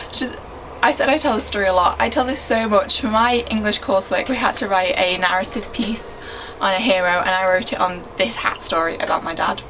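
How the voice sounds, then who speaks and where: A woman's voice: medium pitch, a bit bright, rough recording. Young woman vlogging, chatty self-mocking storyteller, goes off on little tangents, slight hiss behind. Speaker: vlogger, regular on a shared channel. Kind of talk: casual storytelling to camera.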